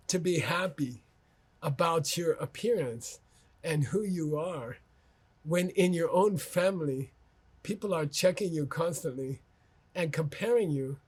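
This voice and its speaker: A man giving a relaxed lecture for an online course, his voice sitting a little high and carrying a husky edge. He keeps it conversational, tucking "okay?" and "you know" between his points. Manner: tells anecdotes about himself. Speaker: teacher.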